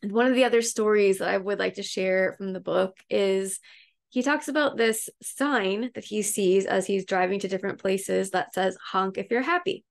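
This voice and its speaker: A woman who hosts a self-help group talks casually to her viewers. She wanders through a story she has read, restarting her sentences and filling pauses as she goes. Her mid-range voice carries a noticeable gravelly vocal fry. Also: medium pitch. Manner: chatty and meandering, with fillers and restarts. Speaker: self-help coach and host. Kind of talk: casual retelling of a book story to an online group.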